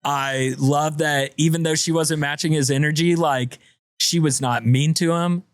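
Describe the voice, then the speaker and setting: A man co-hosting a casual podcast, telling stories with animated energy and acting out other people's voices. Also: fairly high pitch, measured pace, smooth, dry recording, clean studio sound. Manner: animated storyteller, acts out voices. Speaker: podcast co-host. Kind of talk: casual chat.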